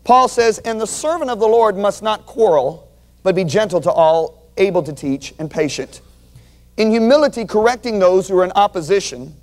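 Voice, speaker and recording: A man with a notably high speaking voice delivers an earnest teaching sermon. He leans hard into key phrases and has his listeners repeat words back to him, in the manner of a seasoned preacher. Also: darkish tone. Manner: earnest, emphatic, calls on the audience to repeat words. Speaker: Bible teacher.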